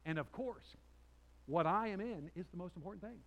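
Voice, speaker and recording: A pastor preaching a sermon to his congregation, telling a personal story with restarts and asides, swinging from loud emphatic peaks to quiet, intense lines. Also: sits high, lively intonation, normal speed, low-quality recording. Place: church sanctuary before a congregation.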